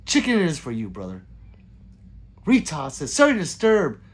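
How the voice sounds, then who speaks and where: Lively, joking livestream host. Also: male voice, fairly high pitch, moderate pace. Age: adult with children. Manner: joking, rambling, reads viewer comments aloud. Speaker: livestream host reading chat. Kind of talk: casual livestream chat.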